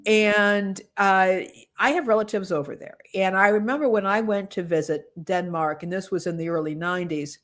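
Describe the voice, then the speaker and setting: A woman's voice: medium pitch, moderate pace, few pauses, a bit bright. A woman from the United States speaks in a mid-range voice as a podcast co-host. Her delivery is casual and earnest, impassioned about her point, and full of restarts as she works through her thoughts aloud. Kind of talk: casual political commentary.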